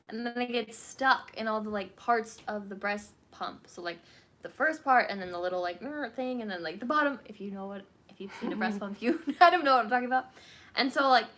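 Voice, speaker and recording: A woman's voice: medium pitch, brisk, a bit bright. A woman guest talking casually about her early days as a new mother, rambling with lots of "like". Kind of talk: casual chat.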